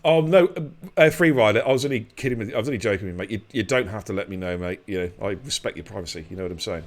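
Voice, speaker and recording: A middle-aged man, hosting a live sim racing stream with loud, excitable hype and cheeky banter. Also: lowish voice, very fast. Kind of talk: live esports race commentary.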